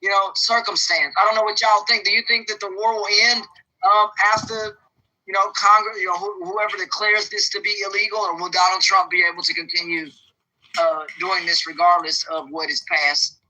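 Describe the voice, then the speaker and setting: A man with a high, very bright voice rambles through a political opinion, exasperated and full of fillers. He talks in a loose, casual way. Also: little pitch movement, a little fast, rough recording.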